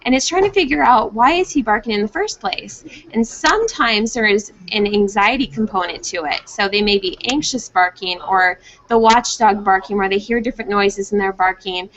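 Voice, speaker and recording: A woman's voice: mid-range voice, normal speed, hardly any pauses. A young woman, a pet trainer, giving advice in a conversational way and livening it up by acting out what dogs are thinking in playful voices, heard over a video call. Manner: animated, acts out dogs' thoughts in playful voices. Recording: muffled, dull online video call audio.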